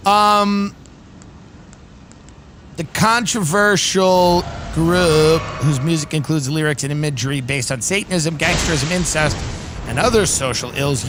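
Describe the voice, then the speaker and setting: A man's voice: fairly high pitch, unhurried, noisy background. A man hosting a casual comedy podcast, rambling and reading news quotes aloud with dry sarcasm. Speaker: podcast host.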